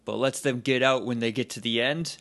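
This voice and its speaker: A man's voice: mid-range voice, fairly even intonation, a little fast, fairly bright tone. A man co-hosting a casual podcast, giving short agreeing replies and wry jokes. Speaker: podcast co-host.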